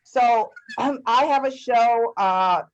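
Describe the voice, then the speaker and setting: A woman's voice: fairly high pitch, takes it slowly, highs cut off. A woman contestant on a video call game show, hesitant and searching for words.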